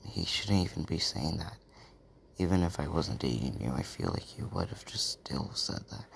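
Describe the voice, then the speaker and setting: A man voicing an upset young male hero, quiet, tense and clipped. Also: rumbling low, big pitch swings, moderate pace, creaky, a little hiss or hum, heavily acted.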